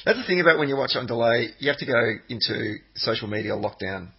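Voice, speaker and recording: A man co-hosting a football podcast in casual chat, excitable and bantering, laughing often, on dull lo-fi audio. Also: mid-range voice, quick pace, slightly rough. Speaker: podcast co-host.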